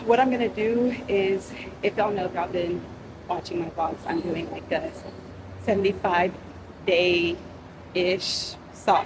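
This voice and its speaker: Chatty woman vlogging over street noise. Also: mid-range voice. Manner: chatty and upbeat, often addresses viewers as y'all. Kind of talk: casual vlog chat to camera. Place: outdoors on the street and on a rooftop. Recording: loud street noise behind.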